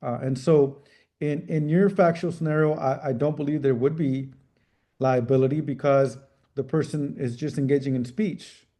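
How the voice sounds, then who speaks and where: A middle-aged man, a trial attorney, answering interview questions in a measured, careful way with frequent restarts. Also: on the high side, fairly even intonation, dark tone. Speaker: civil rights trial attorney.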